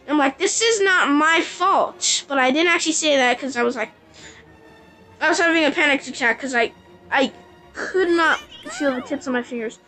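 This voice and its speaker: A woman's voice: high voice, a little fast, bright, forceful tone, soft background music, low-quality recording. A woman vlogger telling a rambling personal story casually, full of "like". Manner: rambling, breathless retelling with many likes. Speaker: gaming vlogger.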